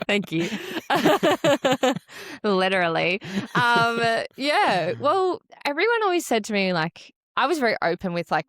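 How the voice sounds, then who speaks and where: Australian woman, podcast co-host, lower register, chatty and giggly, dry close sound. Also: fairly bright tone, no room sound. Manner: chatty, laughs often, lots of "like". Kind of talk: casual chat.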